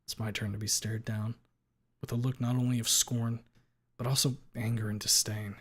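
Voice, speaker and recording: A man's voice: mid-range voice, level tone, moderate pace, slightly rough. Man casually reading a story on stream. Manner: reads steadily, owns up to slips with playful asides.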